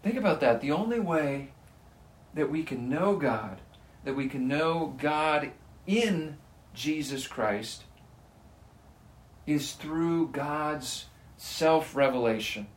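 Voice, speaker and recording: Male preacher, earnest and emphatic, unhurried delivery, reverberant room. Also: fairly high pitch, expressive. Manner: earnest, slow and emphatic, reads scripture aloud. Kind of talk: sermon. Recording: echoey room.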